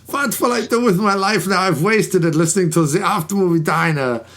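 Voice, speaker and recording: A man's voice: sits high, brisk, a bit bright. A man voicing an upset German male podcast listener, using a put-on German accent and a melodramatic, self-pitying manner. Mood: mournful.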